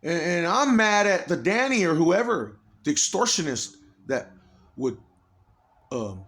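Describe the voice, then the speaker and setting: A man's voice: high-pitched, big pitch swings, unhurried, a bit bright. A man in an agitated, rambling personal monologue, swearing heavily and restarting his sentences often.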